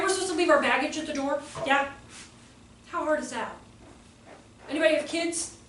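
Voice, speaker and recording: A woman teaching a workshop for early childhood teachers to a live audience, animated and often acting out voices and exclamations. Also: high-pitched. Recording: roomy echo, voice from a distance, faint background noise.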